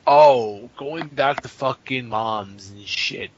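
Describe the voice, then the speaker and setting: A man's voice: medium pitch, normal speed, fairly bright tone, a little hiss or hum. A man ranting in casual podcast talk, profane and sarcastic. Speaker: podcast guest. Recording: muffled lo-fi audio.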